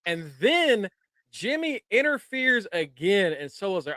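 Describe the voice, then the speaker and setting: A man hosting a podcast, casually recapping wrestling with quick, laughing asides. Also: high voice, sing-song, sharp tone, no echo. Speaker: podcast host.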